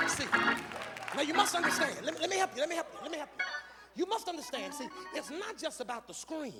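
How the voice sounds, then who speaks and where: A male pastor preaching a sermon, moving from quiet teaching into shouted, sung calls to the congregation. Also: extremely high pitch, creaky. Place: large church sanctuary. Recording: long hall reverb with faint music.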